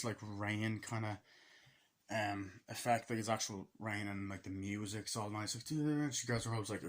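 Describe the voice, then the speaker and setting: A young man retelling a movie's scenes in a casual, swear-filled way, acting out lines in a higher voice. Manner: swears a lot, acts out film quotes in a higher voice. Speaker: movie reviewer. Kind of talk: casual film recap.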